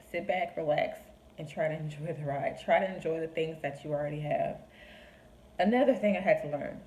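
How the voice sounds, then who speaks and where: Young woman, encouraging, heartfelt vlog talk, lower voice, faint background noise. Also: a little mellow, low-quality recording. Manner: earnest and encouraging, acts out quoted voices. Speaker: vlogger sharing faith reflections. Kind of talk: heartfelt personal talk to camera.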